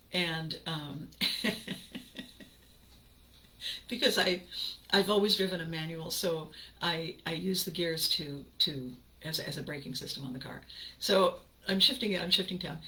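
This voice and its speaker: A podcast host with a lowish, bright, forceful voice tells a personal story on her own show, casual and animated, over a rough recording. She laughs often and acts out her reactions.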